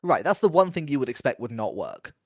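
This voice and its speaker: A man's voice: medium pitch, big pitch swings, fairly quick, darkish tone, no echo. Dry, wry man on a podcast. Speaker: podcast co-host. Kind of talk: casual discursive review chat.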